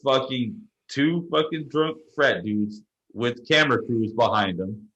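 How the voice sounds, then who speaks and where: A man's voice: medium pitch, measured pace, lo-fi sound. A young adult man, a podcast co-host, telling a story in casual chat, rambling and swearing freely. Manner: profane, rambling, animated retelling.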